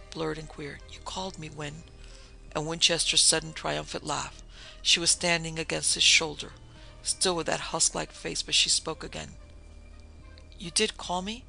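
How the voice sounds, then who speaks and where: A man reading a novel aloud as a steady, measured audiobook narrator. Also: on the high side, gravelly, low-quality recording. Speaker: audiobook reader. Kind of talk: scripted narration.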